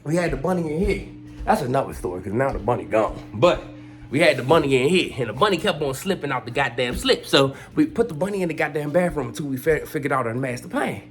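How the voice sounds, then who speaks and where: A man vlogging about his pets, telling a story in a casual, animated way and swearing constantly. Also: mid-range voice, fast, soft background music. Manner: animated, profane, heavy cursing. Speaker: pet owner vlogger.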